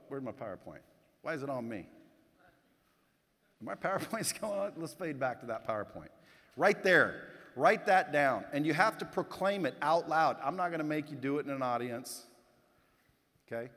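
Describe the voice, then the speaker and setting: A man delivering a motivational keynote on a conference stage, talking bluntly and casually with the occasional curse. His voice sits at an ordinary middle pitch. It carries a long, ringing reverb from a large hall. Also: a bit bright. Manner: blunt, casual, swears, addresses the crowd directly. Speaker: keynote speaker.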